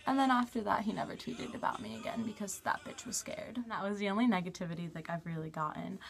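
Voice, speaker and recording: A young woman vlogging in a casual, chatty way, blunt and quick to swear. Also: mid-range voice, steady tone, gravelly, soft background music, low-quality recording. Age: young adult. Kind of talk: casual vlog talk to camera.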